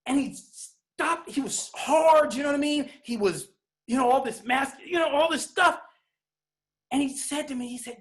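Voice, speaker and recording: A middle-aged man giving an emotional personal testimony about being a father, talking in a heartfelt, halting way with many restarts and repeated phrases. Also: very high voice, lively intonation, fairly bright tone.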